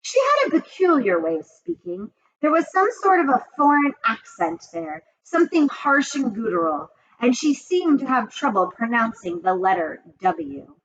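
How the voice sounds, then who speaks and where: A woman reading a children's story aloud with expressive, dramatic storytelling. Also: a little high, normal speed, few pauses, highs cut off. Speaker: reader of children's books. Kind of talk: storybook read-aloud narration.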